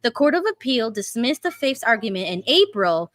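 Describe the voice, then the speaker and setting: A Canadian woman co-hosting a casual online news chat reads an article aloud carefully, admitting that she talks fast. Her voice is a little high and fairly bright, with big pitch swings and no echo.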